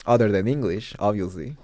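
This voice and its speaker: Mexican-accented male host, Spanish-speaking native, smooth resonant voice, dry close sound, emphatic casual commentary. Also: medium pitch, dry recording. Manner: emphatic, conversational, with many asides. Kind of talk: opinion commentary.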